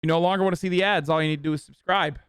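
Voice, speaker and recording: A man's voice: a little high, steady tone, racing, a bit bright, clean tone, no echo, clean studio sound. A man in his thirties streaming live, reacting with blunt, mocking, profane commentary.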